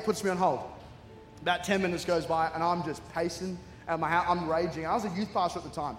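Speaking fast in a high voice, a middle-aged Australian guest preacher gives a comic sermon, bringing his stories to life by acting out each voice. There's a slight hiss or hum on the recording, made in a large, echoey church hall with long reverb.

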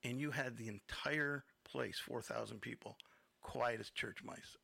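Male radio host, gravelly and bright, nervous and rambling, dry close mic. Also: medium pitch, measured pace, no room sound. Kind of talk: casual interview chat.

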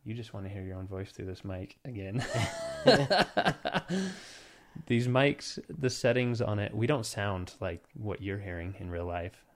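A man's voice: on the low side, normal speed, hardly any pauses. A man in his thirties hosting a casual podcast chat, teasing and joking as he talks. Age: 30s. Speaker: podcast host.

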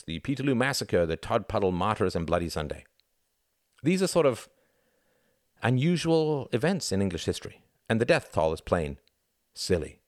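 A man's voice: mid-range voice, no room sound, clean studio sound. A man voicing a skeptical young male student who keeps questioning and pressing his point. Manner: questioning, insistent.

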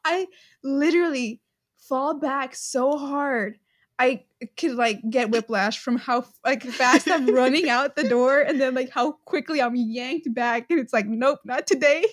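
A woman's voice: high-pitched, a little slow. A young woman chatting casually, rambling and giggling, with lots of fillers. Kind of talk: casual chat.

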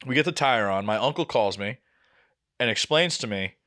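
A young man, co-hosting a casual podcast and telling a frustrating story with animated, exasperated energy and plenty of swearing. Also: mid-range voice, normal speed. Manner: animated, exasperated, swears freely, acts out quotes. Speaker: podcast co-host.

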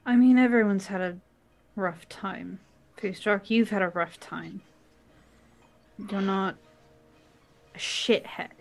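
A young Midwestern woman speaks slowly and haltingly, playing her character in a tabletop game. Soft music runs faintly underneath her voice. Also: medium pitch, vocal fry. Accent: Midwestern American.

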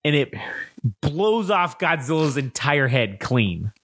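A man co-hosting a casual film review podcast, recapping the plot in a profane, animated way and acting out characters' lines. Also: on the high side, slow pace, no room sound. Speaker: podcast co-host.

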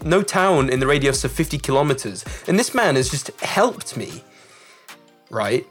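A young man from the Czech Republic, telling a story in loose, swearing, animated casual chat on a podcast. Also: a little high, normal speed, faint music behind. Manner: swearing, animated storyteller doing character voices.

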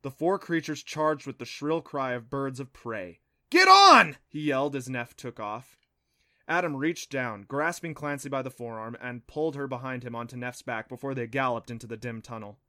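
A man reads a children's adventure story aloud with a steady, expressive delivery. His voice is bright and forward, at a middle pitch, recorded close and dry. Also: normal speed, dry recording. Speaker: audiobook narrator. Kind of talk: storybook narration.

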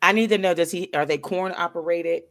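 A woman co-hosting a casual chat show, joking in a laid-back, drawn-out way. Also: on the low side, fairly even intonation, fairly bright tone. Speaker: co-host.

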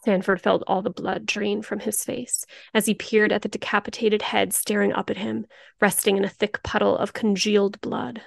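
A woman co-hosting a true-crime podcast, reading the story in a steady, grim narration. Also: medium pitch, normal speed, vocal fry, no room sound, studio quality. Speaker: podcast co-host.

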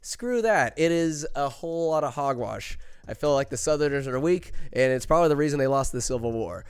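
A man's voice: mid-range voice, lively intonation, a little fast, few pauses, clean tone. A man hosting a podcast, telling a comedic travel story in a profane, emphatic, rambling way. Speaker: podcast host. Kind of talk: casual comedic storytelling monologue.

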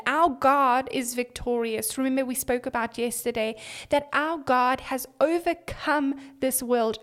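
High-voiced woman leading a kids' devotional. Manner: enthusiastic and encouraging, addressing kids directly. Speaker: children's ministry leader. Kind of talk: children's devotional talk.

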